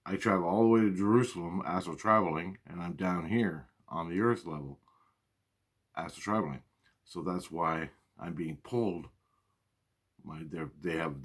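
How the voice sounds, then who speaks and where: Low deep guy rambling to the camera, swears a lot, keeps repeating himself. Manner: profane, repetitive, restarts often. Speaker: vlogger. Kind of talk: rambling spoken monologue.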